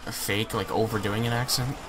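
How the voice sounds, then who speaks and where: A man's voice: lowish voice, fairly even intonation, fairly quick, background noise. Laughing man teasing his gaming partner. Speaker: gamer co-host. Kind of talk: casual gaming chat.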